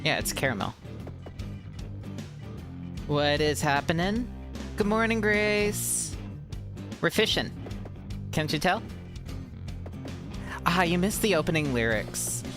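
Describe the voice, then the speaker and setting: A woman's voice: low-pitched, sing-song, slow, long pauses, over music. A woman with a Mid-Atlantic American accent touched by Baltimore, chatting casually on stream while gaming and rambling as she answers chat.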